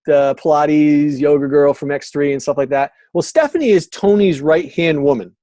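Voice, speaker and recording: A man's voice: on the high side, moderate pace, dry recording. A middle-aged man, speaking as a guest on a video call. He tells his story casually and acts out the voices of the people in it. The recording is dry and close, with no room sound. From Massachusetts, USA. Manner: animated, acts out quoted dialogue.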